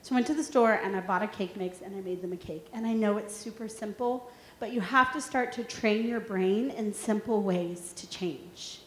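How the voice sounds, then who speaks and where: This woman in her thirties speaks at a moderate pace in a mid-range voice, with slight background noise in the echoey recording. Presenting a humorous motivational workshop in a large room full of people, she spins lively, funny stories and puts questions to the audience.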